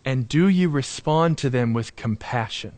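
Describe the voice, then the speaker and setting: A man preaching a sermon as pastor, earnest and warm-humored, slowing down and dropping low to stress key points. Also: expressive, no room sound. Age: adult, married with young children. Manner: earnest, slows and drops low for emphasis; self-deprecating humor.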